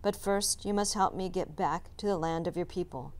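A woman voicing a frail, sick old male shaman in a storybook read-aloud, speaking weakly, slowly and quietly. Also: lowish voice, natural voice. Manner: weak, slow and quiet.

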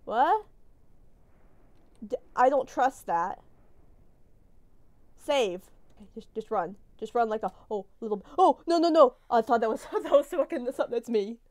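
A woman's voice: on the high side, expressive, unhurried, long pauses, darkish tone. A woman giving live gameplay commentary. She is jumpy, swears a lot and talks back to the game characters. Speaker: let's play gamer.

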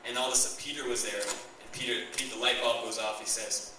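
Here the young Canadian pastor's sermon comes through with a steady, sharp tone in a mid-range voice at a fairly quick pace, plus slight background noise. He stays enthusiastic and conversational in the echoey hall, the mic placed far away.

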